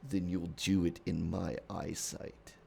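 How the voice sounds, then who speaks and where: A stern, protective fire warrior voiced by the game master in a tabletop game. His voice is deep and slow, and he speaks in curt, guarded lines. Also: flat delivery, gravelly, darkish tone, a little hiss or hum, full character voice. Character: stern protective fire-wielding father figure.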